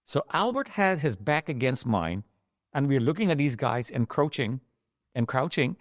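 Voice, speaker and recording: Middle-aged male storyteller, very lively delivery that mimics others' voices, close-miked. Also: mid-range voice, unhurried, no room sound. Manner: animated, acts out the voices of the people in his story. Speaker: survivor telling his story. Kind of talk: emotional personal storytelling.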